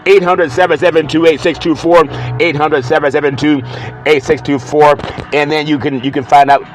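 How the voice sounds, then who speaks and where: Playful sports talk host, high voice. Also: male voice, moderate pace, rough recording. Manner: playful, jokey, bursts into high excited exclamations. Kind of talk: casual talk show monologue with live ad read.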